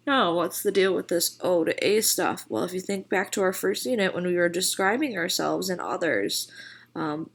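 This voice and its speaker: A woman teaching a recorded Spanish vocabulary lesson, casually explaining and then slowly modeling each phrase. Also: fairly low pitch, creaky. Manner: slow, deliberate model phrases with casual fillers.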